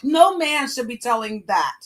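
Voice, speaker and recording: A woman's voice: on the high side, big pitch swings, moderate pace, fairly bright tone. A woman hosting a livestream, venting angrily about an ex in heated, profane casual chat. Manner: angry, profane venting rant. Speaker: livestream host.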